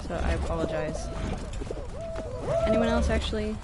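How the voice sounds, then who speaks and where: A woman's voice: mid-range voice, moderate pace, very noisy. A young woman streaming, chatting casually with her viewers, rambling and laughing often.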